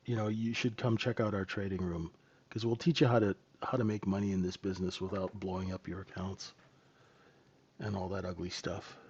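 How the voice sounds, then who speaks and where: A man with a lowish voice and a breathy edge comes through on dull audio. He's a trading instructor running a live trading room, explaining charts in a casual, teaching manner while answering viewers' questions. The tone is conversational, with a habitual rhetorical "right?".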